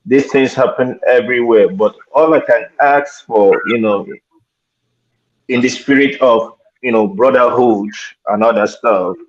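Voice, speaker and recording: A man's voice: mid-range voice, lo-fi sound. A man calling into a talk show, hesitant and full of fillers as he asks a question. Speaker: caller, guest.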